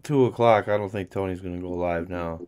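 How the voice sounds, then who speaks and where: A man's voice: low voice, brisk, darkish tone, smooth. A man hosting a casual profane chat show with a Minnesotan accent, rambling and laughing as he mocks others. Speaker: host.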